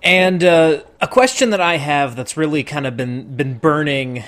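A man hosting a casual podcast interview, asking questions in a relaxed, conversational way. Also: fairly high pitch, normal speed. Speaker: podcast host.

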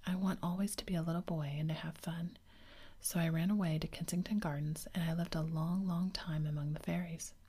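A woman's voice: on the low side, steady tone, fairly quick, mellow. A woman whispering the part of a cheerful, boastful boy who never wants to grow up, in a whispered role-play. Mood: eager. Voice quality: breathy whisper. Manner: eager, boyish, carefree.

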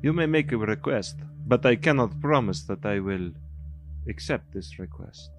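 A man's voice: mid-range voice, lively intonation, normal speed, close to an everyday voice. A man voicing a wary, formal male trader-adventurer who haggles carefully, with music behind. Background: ambient music with singing bowl.

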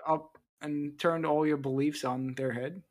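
A man's voice: on the high side, fairly even intonation, measured pace. A man co-hosting a casual podcast, teasing the others with wry remarks. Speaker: podcast co-host.

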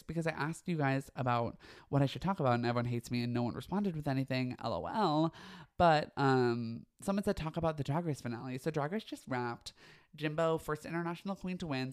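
A man's voice: mid-range voice, clear, resonant tone. Campy, dramatic young man gossiping. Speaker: podcast host. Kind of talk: casual solo podcast chat.

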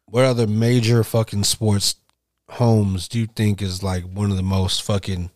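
A man's voice: fairly low pitch, little pitch movement, a little slow, a little mellow, dry recording, clean studio sound. A man co-hosting a casual podcast, talking loosely with lots of swearing and trailing off into mumbles. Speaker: podcast co-host. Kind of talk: casual chat. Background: faint music.

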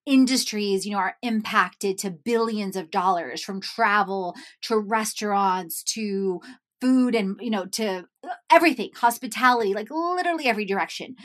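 A woman's voice: medium pitch, moderate pace. Chatty woman telling a story animatedly. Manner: animated, chatty, says "like" often, laughs while telling. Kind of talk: casual storytelling to viewers.

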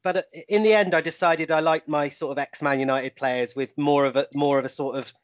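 A man's voice: fairly high pitch, steady tone, fairly quick, dry recording, lo-fi sound. A man telling anecdotes in a casual podcast chat, with plenty of ums. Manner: storytelling, full of ums.

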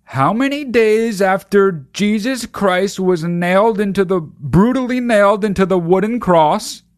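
A man's voice: high voice, no room sound, studio quality, pitched above the performer's own voice. A man mimicking a preachy Sunday-school pastor quizzing children, drawn out and lurid. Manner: exaggerated, drawn-out, gory emphasis.

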